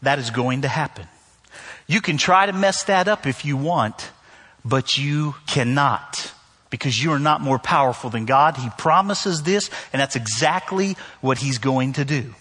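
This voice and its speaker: Husky-voiced preacher in a reverberant hall. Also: male voice, fairly high pitch, animated, a little slow, sharp tone. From northern United States. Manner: conversational preaching with humor and emphatic repetition. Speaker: pastor. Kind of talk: sermon. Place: church sanctuary.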